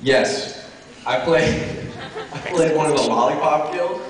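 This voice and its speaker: A man's voice: fairly high pitch, unhurried. A man from Miami answering fan questions on a convention panel, joking, playful and laughing often. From Miami, USA. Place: large echoey convention hall. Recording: echoey hall from far off, crowd noise. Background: loud audience crowd.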